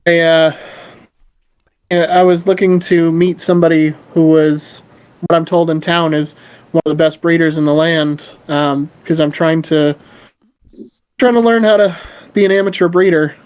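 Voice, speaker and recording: A player speaking in character in a halting, hesitant way during a tabletop game. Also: mid-range voice, fairly even intonation, darkish tone, clear, resonant tone, low-quality recording. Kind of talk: tabletop role-play.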